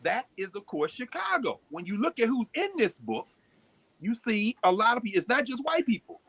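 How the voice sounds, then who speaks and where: A man's voice: extremely high pitch, very animated, normal speed, fairly bright tone, breathy edge. A man hosting a live class, talking emphatically and often repeating words as he builds a point. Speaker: host and lecturer. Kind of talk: animated classroom talk.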